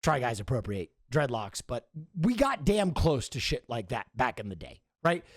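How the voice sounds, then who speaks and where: A man's voice: medium pitch, big pitch swings, normal speed, no room sound, studio quality. A man streamer giving a profane, emphatic commentary rant in a conversational way.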